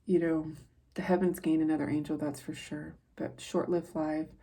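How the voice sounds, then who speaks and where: A woman reads tarot for her viewers in a low, gravelly voice with a husky edge. Her tone is dark and mellow. She talks earnestly and rambles, preaching like a spiritual teacher. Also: level tone, normal speed. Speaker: psychic tarot reader.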